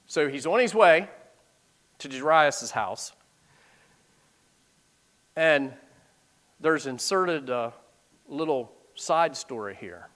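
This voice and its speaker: A man's voice: medium pitch, lively intonation, takes it slowly, pauses often, fairly bright tone. A middle-aged man preaching, reading scripture aloud and breaking into plain-spoken asides to explain it.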